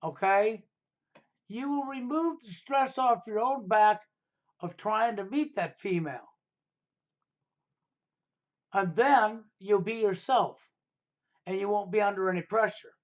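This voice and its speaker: A middle-aged man hosts a live stream in a high-pitched voice. He talks in an emphatic, preachy way and keeps tagging his points with "okay?". The sound is dull and lo-fi. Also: takes it slowly, long pauses. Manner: emphatic, repeats "okay?" to drive points home. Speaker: livestream host. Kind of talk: casual advice talk on a live stream.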